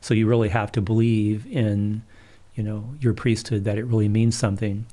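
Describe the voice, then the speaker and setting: A middle-aged man, a Catholic priest, calmly telling stories in an interview. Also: lowish voice, moderate pace. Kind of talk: storytelling in a livestream interview.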